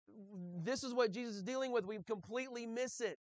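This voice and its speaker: Man preaching with quick check-ins. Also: high voice, dry recording. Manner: conversational preaching with frequent "okay?" check-ins and rhetorical questions. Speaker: pastor. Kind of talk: sermon. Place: church.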